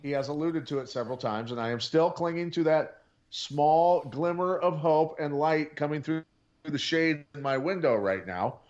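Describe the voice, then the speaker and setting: A man's voice: mid-range voice, a little mellow, highs cut off. A man hosting a casual podcast, rambling and repeating himself as he builds his questions. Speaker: podcast host.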